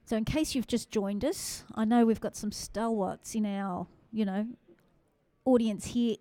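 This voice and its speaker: A woman's voice: on the high side, measured pace, mellow, dry recording. A woman with a Western Sydney Australian accent hosting a live-streamed photography judging, calling scores and chatting with the audience. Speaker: photography awards host.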